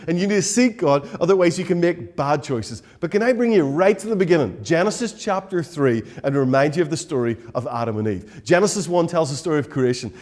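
A man's voice: a little high, a little mellow. A man preaching a sermon, telling a Bible story earnestly with rhetorical questions.

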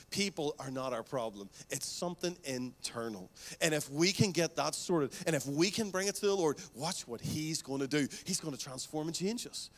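A male pastor preaching a sermon, telling stories with lively asides and acting out quoted voices. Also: fairly high pitch. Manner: animated storytelling, acts out quoted voices.

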